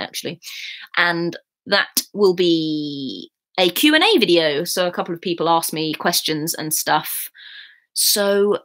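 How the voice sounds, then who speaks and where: With a lowish, slightly bright voice, a young English woman goes through live-stream comments aloud. Her manner is casual, giggly and sing-song.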